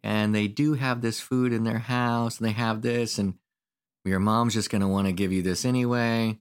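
A man with a very low, deep voice co-hosts a podcast. He talks in a relaxed, conversational way and likes to tell little family stories. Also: moderate pace, clean tone. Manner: relaxed storyteller, acts out family anecdotes. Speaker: podcast co-host. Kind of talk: casual conversational podcast talk.

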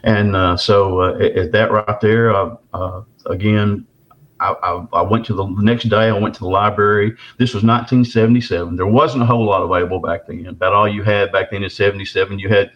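A man's voice: lowish voice, steady tone. Folksy man in his sixties. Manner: drawn-out, folksy, frequent restarts. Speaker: interview guest recounting an encounter. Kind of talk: rambling storytelling. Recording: dull lo-fi recording.

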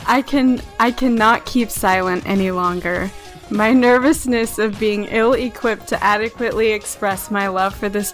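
A woman co-hosts a relaxed podcast and reads listener reviews aloud. She speaks slowly and giggles often. Faint music plays in the background. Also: medium pitch. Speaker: podcast co-host. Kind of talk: casual chat, reading listener reviews.

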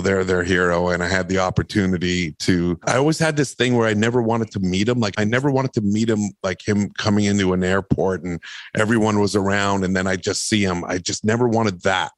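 A man, an actor and podcast guest, telling a long personal story in a lively, rambling way. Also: low voice, dry recording. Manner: animated, rambling anecdotes. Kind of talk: casual storytelling.

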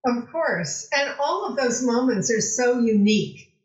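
A woman hosting an interview, speaking in a measured, supportive way. Her voice sits a little high. It sounds roomy and slightly dull, as if picked up on a lower-quality mic. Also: expressive. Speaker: podcast host. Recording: echoey, dull remote audio.

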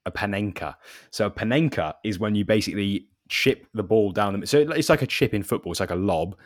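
A man's voice: on the low side, lively intonation, quick pace, no echo, studio quality. A young man, co-hosting a casual sports podcast and explaining football at length with many restarts. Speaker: podcast co-host.

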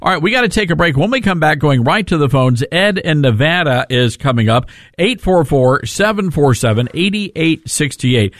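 Brisk man hosting talk radio. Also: a little high, lively intonation, fairly bright tone, no echo, clean studio sound. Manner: brisk, conversational, plugs and segues.

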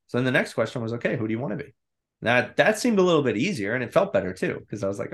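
Candid, animated man telling a story. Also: mid-range voice, fast talker. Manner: candid and animated, acts out his own inner voice. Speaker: podcast guest. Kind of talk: casual storytelling.

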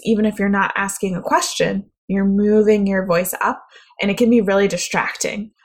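A woman gives a conversational lesson on speaking, coaching the listener directly. Her voice sits at an ordinary middle pitch. She talks it through in a relaxed, practical way. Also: slightly rough. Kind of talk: instructional talk.

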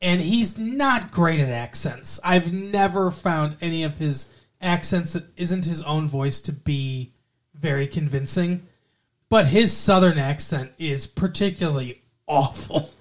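A man's voice: fairly high pitch, measured pace. Southern man, co-host, chatty and opinionated, swears freely. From American South. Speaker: podcast co-host. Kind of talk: casual movie discussion.

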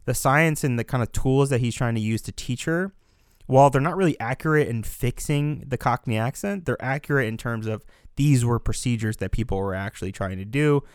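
A man's voice: medium pitch, brisk, smooth, no room sound, studio quality. A man co-hosting a casual film podcast, talking earnestly and rambling with restarts. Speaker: podcast co-host.

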